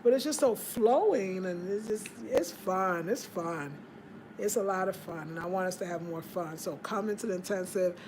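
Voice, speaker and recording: A woman's voice: medium pitch, moderate pace, noisy background. Chatty woman hosting a livestream. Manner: chatty, laughs often, drifts between topics. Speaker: livestream host. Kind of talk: casual live-stream chat. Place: home in Ghana.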